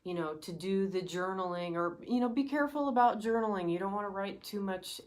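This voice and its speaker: A woman's voice: medium pitch, fairly quick, darkish tone. A woman guest in a casual chat, explaining advice in an encouraging way.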